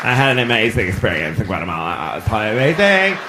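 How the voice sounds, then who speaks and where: A man's voice: on the low side, huge pitch swings, racing, over a noisy crowd, pitched below the performer's own voice. A man voicing a gushing, self-satisfied young college woman, recorded live with audience noise.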